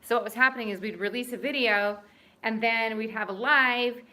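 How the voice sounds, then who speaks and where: A woman's voice: a little high, steady tone, moderate pace, pushed and bright. A young woman co-hosting a casual livestream, asking playful questions and joking along. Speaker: co-host of a family livestream. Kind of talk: casual live-stream chat.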